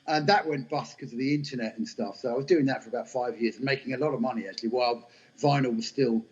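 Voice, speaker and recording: A middle-aged man, telling lively, self-mocking stories as an interview guest. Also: medium pitch, fast. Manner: animated, anecdotal, self-mocking. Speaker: guest actor. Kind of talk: casual storytelling interview. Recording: dull lo-fi podcast audio.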